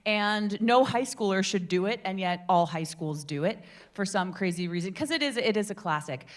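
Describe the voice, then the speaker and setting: A woman in her twenties hosting a public speaking meetup, telling stories to a live group in a theatrical, animated way. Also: moderate pace. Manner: animated, theatrical storyteller with big swings in pitch and volume. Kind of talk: lively workshop talk to a live group.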